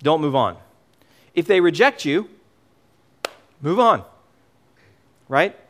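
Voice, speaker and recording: A middle-aged man preaching a sermon as pastor, emphatic and animated, often repeating words as he goes. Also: a little high, takes it slowly, slight background noise.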